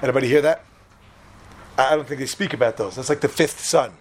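A man teaching a Torah class in an animated way, quizzing his listeners and laughing at his own jokes. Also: mid-range voice, fast talker. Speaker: religious teacher.

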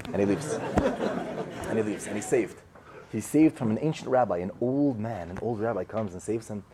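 A man's voice: on the low side, animated, normal speed, noisy background. A man giving a casual storytelling sermon, recounting a parable in a conversational way and repeating his phrases. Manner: conversational, repeats phrases, acts out quoted voices. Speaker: speaker telling a Torah parable.

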